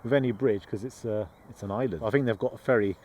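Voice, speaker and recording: A man's voice: on the low side, fast, a little mellow. A man chatting casually in a travel vlog outdoors, playful and joking about his own pronunciation. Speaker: travel vlogger. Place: outdoors on a road trip.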